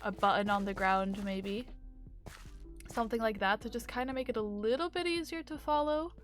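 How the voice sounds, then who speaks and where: A woman's voice: fairly high pitch, moderate pace, soft background music. A woman giving chatty, upbeat commentary on her gameplay as a gaming video host, with rambling asides. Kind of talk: casual game commentary.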